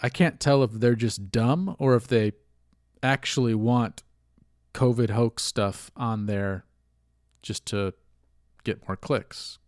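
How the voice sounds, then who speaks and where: A man's voice: mid-range voice, slow pace, long pauses, darkish tone, no echo, clean studio sound. A man hosting a solo podcast, rambling in a candid, rueful way with a stuffy, sniffly nose from allergies. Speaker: podcast host. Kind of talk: casual solo podcast monologue.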